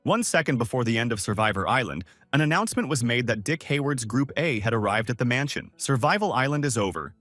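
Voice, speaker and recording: A man's voice: mid-range voice, lively intonation, fast, hardly any pauses, fairly bright tone, dry recording. A man narrating a comic story recap in a scripted, storytelling way. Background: faint music.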